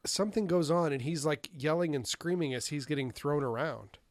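A man's voice: on the high side, fairly quick, no echo, clean studio sound. A man co-hosting a podcast, asking questions about a film in an easygoing, casual way. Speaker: podcast co-host. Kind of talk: casual chat.

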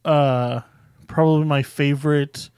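A man co-hosting a podcast, chatting casually about a movie with dry, deadpan quips. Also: fairly high pitch, a little slow, smooth, no room sound. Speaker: podcast co-host.

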